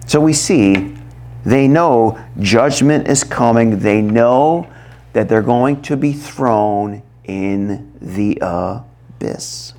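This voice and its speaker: A man's voice: medium pitch, drawn-out words, darkish tone. A man preaching a sermon, reading scripture aloud and explaining it, asking the congregation questions. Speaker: pastor.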